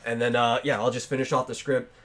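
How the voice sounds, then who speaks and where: A man's voice: mid-range voice, little pitch movement, quick pace, fairly bright tone, slight background noise. A man hosting a casual podcast, talking loosely with lots of fillers and restarts. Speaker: podcast host.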